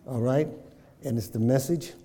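A man's voice: mid-range voice, normal speed, warm tone, in a large hall. A man preaching a sermon, repeating phrases and checking in with his congregation. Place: church.

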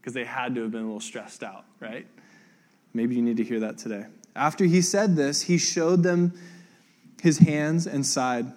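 A man's voice: medium pitch, fairly even intonation, moderate pace, darkish tone. A man preaching a casual sermon in a conversational way, full of fillers, acting out the voices of the people in the story he tells. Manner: conversational, acts out quoted voices, many "like" fillers. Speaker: pastor.

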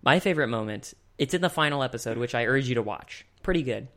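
A young man hosts a podcast in a relaxed, rambling way and chuckles often. He speaks into a desk microphone at an ordinary pitch. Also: fast talker. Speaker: podcast host. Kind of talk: casual chat.

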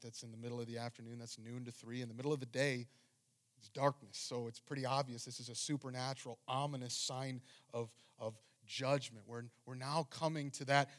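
A man preaching a sermon as pastor, reading scripture and speaking with fervent emphasis. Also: medium pitch.

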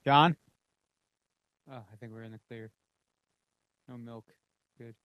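A man's voice: mid-range voice, fairly even intonation, takes it slowly, clear, resonant tone, dry recording, highs cut off. A man co-hosting a comedy podcast, joking around in casual chat. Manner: jokey, playful. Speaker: podcast co-host.

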